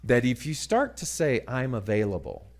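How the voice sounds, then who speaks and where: A middle-aged man giving a sermon-style talk, telling a story dramatically and moving between loud passages and hushed ones. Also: medium pitch, wildly swooping pitch, moderate pace. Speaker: guest speaker.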